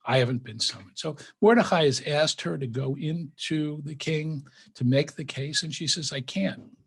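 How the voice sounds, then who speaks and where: Older male rabbi for a scripture class: raised pitch, husky and gravelly, reads a passage then unpacks it casually, video call sound. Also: unhurried. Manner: reads scripture aloud, then explains it conversationally. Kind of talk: scripture study lecture.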